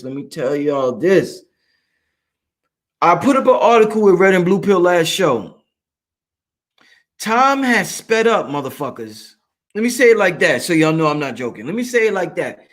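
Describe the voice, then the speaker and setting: Emphatic profane livestream host, higher-pitched man. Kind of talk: casual livestream monologue.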